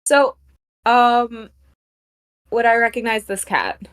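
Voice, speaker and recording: A woman's voice: fairly high pitch, takes it slowly, a bit bright, clear, resonant tone. A young woman playing a tabletop game, hesitant and full of fillers as she thinks aloud. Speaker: player.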